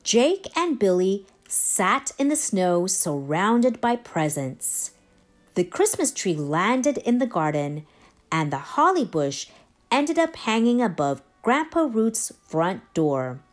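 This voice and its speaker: Slow, lively woman reading a storybook. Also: medium pitch, faint music behind. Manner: expressive, slow and lively read-aloud. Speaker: storybook reader. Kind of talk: reading a children's picture book aloud.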